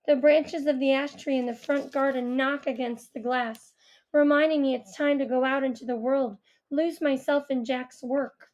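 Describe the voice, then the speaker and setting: A woman narrating a first-person audiobook in a quiet, reflective way. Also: sits high, steady tone, moderate pace, muffled recording. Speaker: audiobook reader.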